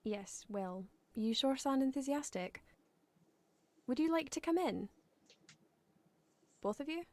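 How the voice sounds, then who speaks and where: A woman's voice: high voice, lively intonation, slow pace, a little mellow, no echo, exaggerated voice. An actress playing a polite young mother who is a little wary of her visitors.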